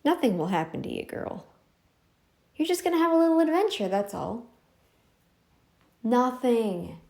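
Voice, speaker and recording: A woman's voice: fairly high pitch, sing-song, gravelly, a little mellow. A woman vlogger talking to camera in a casual, insistent way, repeating herself for emphasis. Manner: insistent and repetitive, drawn-out emphatic phrasing.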